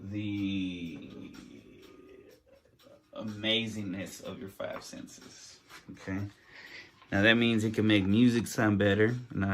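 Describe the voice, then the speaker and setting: A man with a somewhat low voice hosts his own podcast in an easygoing, rambling way. He is jittery from coffee, and his talk is full of ums, restarts and loose tangents. A faint hiss sits under the recording. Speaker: podcast host. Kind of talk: casual solo podcast chat.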